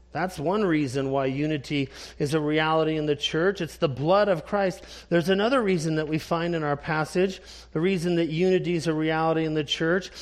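A man preaching a sermon, emphatic and repetitive, clearing his throat now and then. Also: a little high. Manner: emphatic, slow preaching with repeated phrases. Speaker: pastor.

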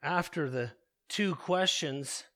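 A man preaching a sermon, slow and deliberate, repeating his key phrases for weight. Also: on the high side, a bit bright.

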